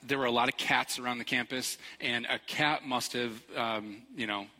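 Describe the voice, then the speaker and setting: Middle-aged man, playful pastor; very bright sound, long hall reverb. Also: moderate pace. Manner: playful, animated storytelling with jokes and high-pitched quoted voices. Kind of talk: casual storytelling sermon. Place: large church hall.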